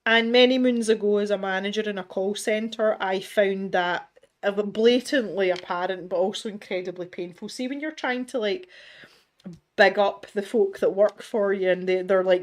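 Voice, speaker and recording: A woman's voice: medium pitch, fairly even intonation, moderate pace. A middle-aged Scottish woman hosting an art livestream from her home studio, chatting casually and self-deprecatingly, laughing often and restarting her sentences. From Scotland. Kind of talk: casual livestream chat reading viewer comments.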